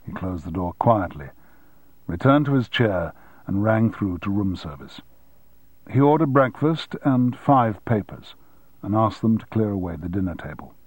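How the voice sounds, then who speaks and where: Low, husky male audiobook narrator. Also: lively intonation, normal speed, a little mellow, dry recording. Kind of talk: scripted narration.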